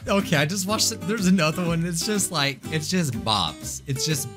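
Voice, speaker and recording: Man, reaction host, jokey casual commentary, lively pitch, music in background. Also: moderate pace. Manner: animated, jokey. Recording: music playing behind voice.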